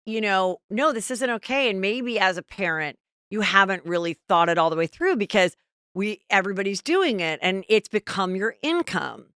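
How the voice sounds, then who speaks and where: A middle-aged woman hosting a podcast, telling stories in a chatty, animated casual chat. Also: mid-range voice, moderate pace, clean tone, dry recording, clean studio sound. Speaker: podcast host.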